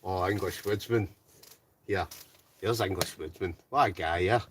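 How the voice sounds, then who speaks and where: A man's voice: sits low, normal speed, recorded from a distance, slight background noise. A Scottish man hosting a live stream from inside a hot tent, chatting casually and reading out viewer comments, often ending lines with "right?". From Scotland. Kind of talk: casual live-chat banter.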